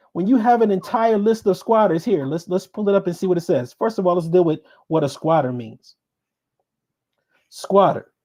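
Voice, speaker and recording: A man's voice: high-pitched, dark tone. A man hosting a podcast, giving emphatic commentary and repeating points for stress while reading sources aloud. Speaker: podcast host.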